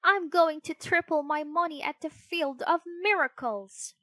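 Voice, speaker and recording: A woman voicing an excitable wooden puppet boy who fibs, reading a storybook in a high, eager voice. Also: slow, dry recording, clean studio sound, full character voice. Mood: excited.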